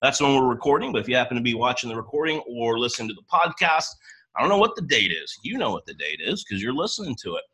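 A man hosting a coaching boot camp call, talking in an energetic, rambling, excitable way with an early-morning voice. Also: medium pitch, quick pace, rough recording. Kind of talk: upbeat livestream talk to a team.

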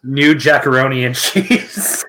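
A man's voice: mid-range voice, noisy background. Joking male podcast co-host. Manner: jokey, giggly, self-deprecating. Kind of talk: casual chat.

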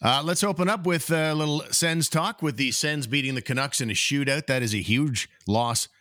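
An upbeat man hosting a casual sports podcast, his voice bright and forward. The sound is close and dry, with no room around it. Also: fairly high pitch, normal speed, no echo. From Canada. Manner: upbeat, rattles off sponsor and member names. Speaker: podcast co-host.

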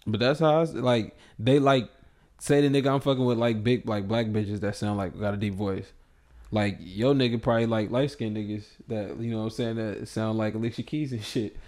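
A man's voice: on the low side, fairly even intonation, a little fast, a little mellow. A man bantering casually with a friend, joking, teasing and laughing often, in heavy slang.

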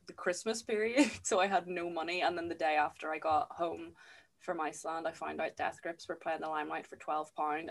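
Young British woman, comedy podcast host, playful, giggly, animated storytelling. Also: on the low side. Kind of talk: comic storytelling chat.

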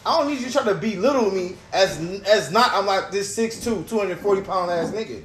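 Young man, blunt and profane, quick and high, echoey room with a crowd. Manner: blunt, profane, animated storytelling. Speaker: panel member. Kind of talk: casual group chat.

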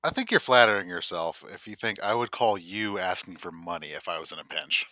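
Man, bright and lively voice, dry teasing sidekick. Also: low voice, a little fast, no echo, lo-fi sound. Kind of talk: casual chat.

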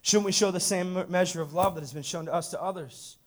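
Male pastor, 30s, high voice, sermon delivery with dramatic hush-to-loud swings and rhetorical questions. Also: fast talker.

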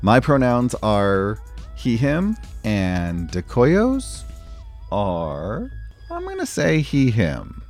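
A man's voice: mid-range voice, wildly swooping pitch, drawn-out words, a little mellow, soft background music. A man co-hosting a tabletop game podcast, giving friendly upbeat announcements and chatting casually. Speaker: podcast co-host. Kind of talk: podcast intro and casual chat.

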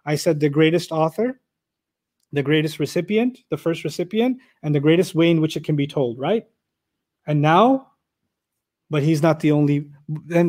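A man teaching a lesson on scripture, animated, asking the audience rhetorical questions and reciting Arabic verses quickly. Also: on the high side. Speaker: Quran teacher. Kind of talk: lecture on scripture.

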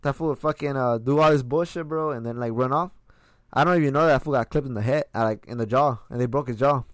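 A man's voice: mid-range voice, quick pace, dry recording. A young man in casual chat, slangy and profane, calling everyone "bro" as he rants.

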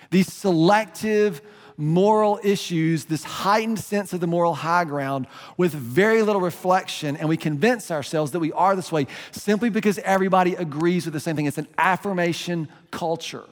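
Male pastor, passionate sermon delivery, higher voice, long sanctuary reverb. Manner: passionate preaching, swings from soft to emphatic. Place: church sanctuary.

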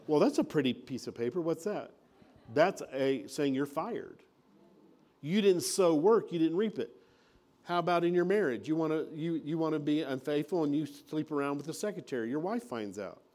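Folksy preaching man, slightly high voice. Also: animated, moderate pace, darkish tone. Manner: folksy preaching with acted-out mini scenes. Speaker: pastor. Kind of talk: sermon.

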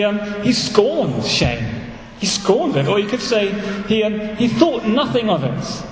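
Animated English preacher in an echoey church. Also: male voice, sits high, slight background noise. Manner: earnest, animated preaching with repeated phrases. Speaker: pastor. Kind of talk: sermon. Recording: echoey church hall, faint ambience.

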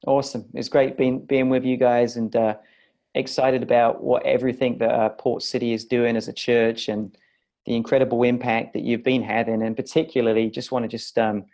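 A man's voice: mid-range voice, level tone, fairly quick, darkish tone. A man from a church's parenting ministry, speaking as an earnest, encouraging interview guest.

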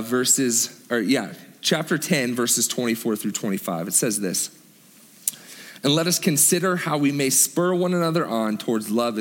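Preaching man in a reverberant hall. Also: a little high. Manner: earnest, repeats phrases with emphasis, frequent fillers and restarts. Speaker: pastor. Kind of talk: sermon.

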